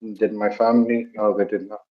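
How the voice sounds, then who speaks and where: A middle-aged man from Dublin with an Irish accent, telling stories in a measured, reflective way with many pauses. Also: fairly low pitch, level tone. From Ireland. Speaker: podcast co-host. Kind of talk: reflective storytelling chat. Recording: dull lo-fi recording.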